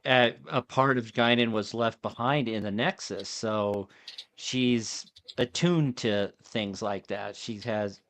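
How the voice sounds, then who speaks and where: A man's voice: fairly low pitch, takes it slowly, a bit bright, dry recording. A man hosting a casual podcast chat over a video call. He rambles and often restarts his sentences. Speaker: podcast host.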